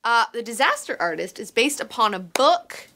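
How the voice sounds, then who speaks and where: Bright, animated young woman. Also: fairly high pitch, normal speed, low-quality recording. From Alabama, United States. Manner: animated, profane, swings from loud excitement to mumbling asides. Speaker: host. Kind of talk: casual live-stream chat.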